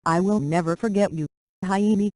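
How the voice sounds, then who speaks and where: A reader voicing a grieving young man whose speech comes halting and tearful. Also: mid-range voice, darkish tone, no echo, studio quality, voice pushed up, close to an everyday voice. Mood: heartbroken.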